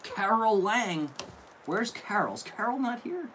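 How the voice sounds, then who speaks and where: A man's voice: high-pitched, big pitch swings, measured pace, a bit bright, a little hiss or hum, rough recording. A young man hosting a casual live stream, opening viewer mail and gushing with thanks. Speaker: candle channel host.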